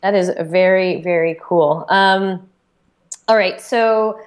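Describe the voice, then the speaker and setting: A woman co-hosting a podcast speaks slowly in a lowish voice. She's chatty and enthusiastic in the casual conversation, recapping with lots of filler words.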